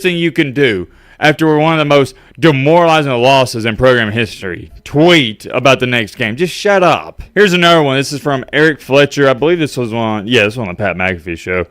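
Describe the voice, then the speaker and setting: A man's voice: mid-range voice, expressive, normal speed, hardly any pauses, fairly bright tone, no room sound, clean studio sound. A man streaming sports commentary, ranting emphatically with sarcastic asides while reading out fan comments. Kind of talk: casual rant over fan comments.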